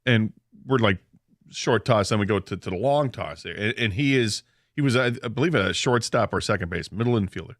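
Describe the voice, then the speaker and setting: Halting, chatty radio co-host. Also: male voice, on the low side, fairly bright tone, dry recording, studio quality. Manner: chatty, halting storyteller with "uh" and quick laughs. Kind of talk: sports talk radio. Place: radio studio.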